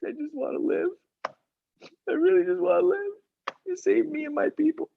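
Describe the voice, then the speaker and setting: A man voicing a tearful young queen who begs for her life and her people in a high, strained voice. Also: steady tone, moderate pace, gravelly, slight background noise, full character voice. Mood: pleading. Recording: muffled lo-fi recording.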